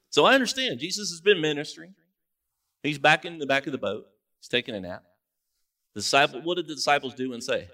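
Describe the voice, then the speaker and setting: A man preaching a sermon as pastor in a church, in a relaxed conversational way with joking asides. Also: medium pitch, fairly quick, pauses often. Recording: distant mic in a church.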